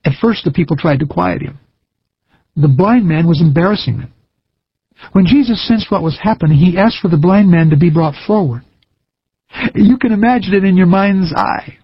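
Husky-voiced preacher, earnest and measured. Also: male voice, high-pitched, no echo, lo-fi sound. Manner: earnest, measured, folksy storytelling. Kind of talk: recorded sermon.

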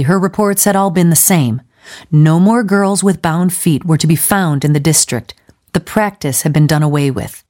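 A woman narrating a storybook with a measured, clear reading. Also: fairly low pitch, darkish tone. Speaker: audiobook narrator.

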